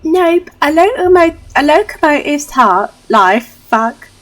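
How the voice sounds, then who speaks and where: A woman's voice: sits high, expressive, slow pace, pitched above the performer's own voice. A woman voicing a cheeky young child who is stubborn and accusing in a childish, insistent way.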